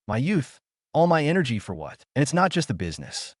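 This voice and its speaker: A man telling a first-person story in scripted narration, bitter and emotional. His pitch swings widely from line to line, and the sound is dry and close with no room. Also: sing-song, fairly quick, no room sound.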